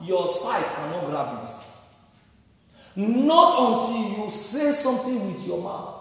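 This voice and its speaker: A Nigerian man preaches a sermon with a high voice, calling out questions and pushing to loud emphatic peaks. He sounds far from the mic in a large hall with heavy echo and a long reverb tail. The recording is roomy and distant. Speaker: pastor.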